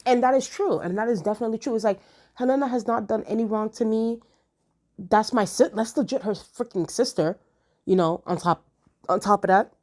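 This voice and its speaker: A woman's voice: on the high side, a little fast, a little mellow. A woman chatting casually as she reviews a TV episode, slangy and repeating lines for emphasis. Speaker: TV show reviewer.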